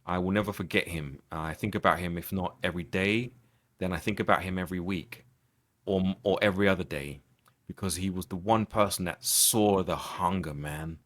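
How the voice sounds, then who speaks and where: A man's voice: deep voice, moderate pace, fairly bright tone. A man being interviewed on a podcast, talking earnestly and reflectively, often restarting his sentences. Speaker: podcast guest. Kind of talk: conversational interview.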